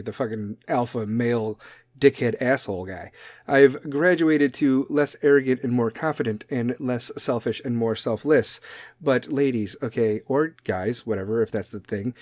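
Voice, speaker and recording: A man in his thirties hosts a podcast in a blunt, sarcastic rant full of swearing. His voice sits at a middle pitch. The recording is dry and close to the mic. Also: darkish tone, dry recording. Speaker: podcast host. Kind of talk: profane comedic rant.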